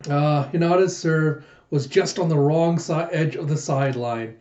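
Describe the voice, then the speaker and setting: A man excitedly recapping a manga chapter for his reaction show, reading the panels aloud and laughing often. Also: on the high side, moderate pace, few pauses, reverberant, dull audio.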